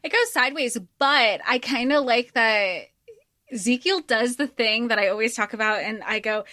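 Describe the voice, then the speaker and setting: A woman's voice: a little high, animated, normal speed, bright, forceful tone, dry recording, clean studio sound. A woman co-hosting a book podcast, talking animatedly and acting out characters' lines. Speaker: podcast co-host. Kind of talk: casual book discussion.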